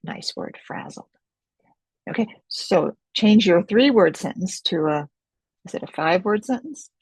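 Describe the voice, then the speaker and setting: A woman, leading a self-help webinar in a slow, gentle, reflective way over a video call. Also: lowish voice, lively intonation, husky, no room sound, low-quality recording. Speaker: webinar teacher.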